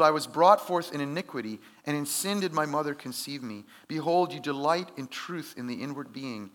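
A man's voice: mid-range voice, a bit bright. A man preaching a sermon in an earnest, conversational way, with emphatic rises. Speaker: pastor.

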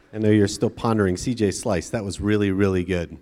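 A man's voice: on the low side, fairly even intonation, a little fast, few pauses, mellow, slight background noise. Man preaching in a reverberant hall. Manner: conversational, frequent tag questions. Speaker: pastor. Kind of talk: sermon to students.

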